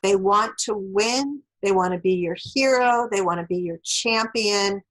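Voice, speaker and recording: A woman's voice: mid-range voice, unhurried, a bit bright, poor audio. Woman author giving relationship advice. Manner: explains through worked examples, acts out spoken lines. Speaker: author and interview guest. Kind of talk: conversational advice in an interview.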